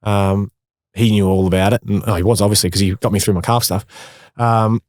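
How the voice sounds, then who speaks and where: A man in his thirties with an Australian accent, a former footballer telling stories in a casual interview, matey and quick to laugh. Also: on the low side, steady tone, darkish tone, dry recording, studio quality. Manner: matey, laughing, acts out quotes.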